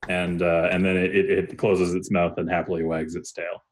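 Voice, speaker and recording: A man's voice: deep voice, flat delivery, normal speed, slight background noise. A man narrating as game master, loose and full of uhs and likes. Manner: loose, filler-heavy narration.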